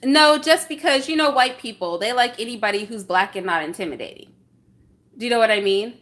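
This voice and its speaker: High-voiced woman, indignant and animated. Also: brisk. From San Francisco, USA. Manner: animated, indignant storytelling with rhetorical questions. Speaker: vlogger reacting to chat. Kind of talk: casual livestream chat.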